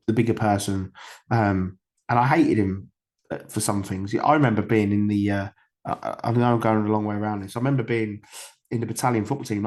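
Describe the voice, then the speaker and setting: This podcast guest is a thirty-something man from the United Kingdom whose voice is on the low side with a darkish tone. He tells stories in a candid, conversational way, rambling along with fillers, false starts and curse words.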